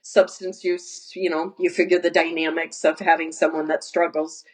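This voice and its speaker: A nursery founder appears as a guest in a conversational interview, an earnest storyteller with a lowish voice who acts out quoted dialogue and restarts many times. Her pitch moves little, she talks at normal speed, and the recording is rough.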